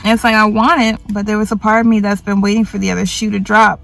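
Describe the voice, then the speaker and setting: A woman's voice: mid-range voice, flat delivery, fast talker, creaky, a bit bright. A young woman vlogging casually, tired and self-mocking as she rambles about her worries. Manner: rambling, self-mocking, quotes others in put-on voices. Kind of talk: casual confessional vlog. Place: grocery store.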